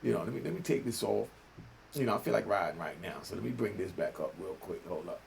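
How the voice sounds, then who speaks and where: Quick and animated, a vlogger speaks in a low, creaky voice over a faint hiss or hum. He's an older man from New York delivering casual commentary full of preachy street slang and frequent "you know what I mean?"s.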